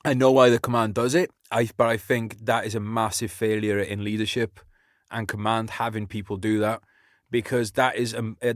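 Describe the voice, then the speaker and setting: A man's voice: lowish voice, no echo, clean studio sound. A man from Britain, an army veteran hosting a podcast, talking in a casual, sweary and rambling way, laughing often. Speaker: podcast host. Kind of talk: casual chat.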